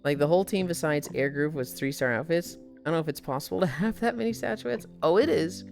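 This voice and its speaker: A woman's voice: sits low, quick pace, vocal fry, darkish tone, faint music behind. A woman in her twenties streaming casually, telling profane stories and reading chat aloud.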